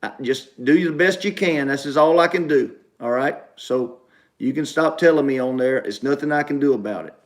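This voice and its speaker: A man's voice: mid-range voice, normal speed. A man hosting a casual livestream show from home, repeating himself and speaking straight to his viewers. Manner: repetitive, emphatic, talks straight to viewers. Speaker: show host.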